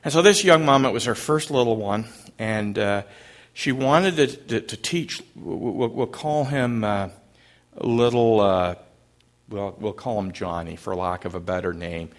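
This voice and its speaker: A middle-aged man, a pastor, preaching a sermon and telling a story in a gentle, halting way. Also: lowish voice.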